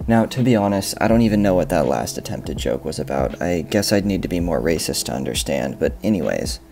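A man's voice: deep voice, animated, a little fast, gravelly, darkish tone, soft background music. A man narrating a video essay, reading scripted commentary in a sardonic, critical manner.

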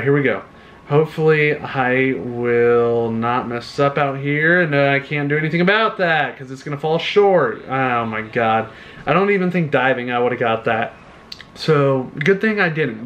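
A man giving live commentary on his own video game play, excitable and talking to himself, groaning at misses and cheering at hits. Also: medium pitch, a little hiss or hum.

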